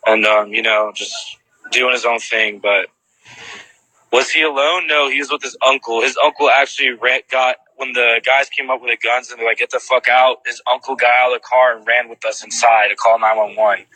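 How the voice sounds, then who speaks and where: A man's voice: mid-range voice, steady tone, moderate pace, sharp tone, no room sound, rough recording. A man casually retelling what he witnessed and answering viewers' questions, rambling with lots of "like" fillers and restarts.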